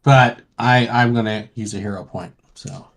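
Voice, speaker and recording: A man playing a tabletop role-playing game, speaking in an unhurried, drawn-out way. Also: lowish voice, fairly even intonation, vocal fry. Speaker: player. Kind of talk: casual tabletop play.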